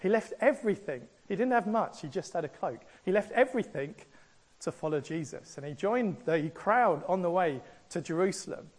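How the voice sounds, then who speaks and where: Male preacher with a high voice, delivering a lively storytelling sermon. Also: normal speed. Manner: animated storytelling delivery, acts out quoted voices.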